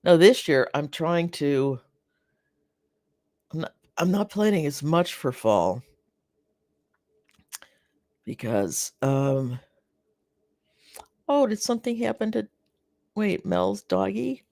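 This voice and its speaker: A host of a live garden chat, from North America, talking casually and reading viewer comments in a rambling, halting way with many fillers and restarts, sympathetic toward the viewers. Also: mid-range voice, very animated, gravelly, darkish tone, dry recording, clean studio sound.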